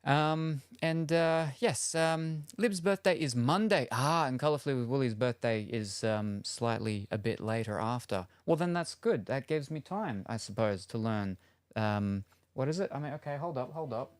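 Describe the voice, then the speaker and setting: A man's voice: mid-range voice, expressive, normal speed, smooth, no room sound, studio quality. Playful rambling male streamer. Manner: rambling, playful, reads chat messages aloud. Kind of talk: casual live-stream chat.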